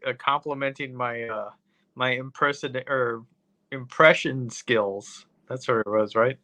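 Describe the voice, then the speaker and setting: Bright-voiced mumbling man co-host. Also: medium pitch, steady tone, a little slow, no room sound. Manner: mumbling, hesitant.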